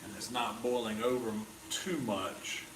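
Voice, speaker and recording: Wisecracking low-voiced man, roomy sound. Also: fairly even intonation, measured pace, background noise. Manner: jokey, wisecracking. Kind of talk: casual chat on a cooking livestream. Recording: roomy, clear background ambience.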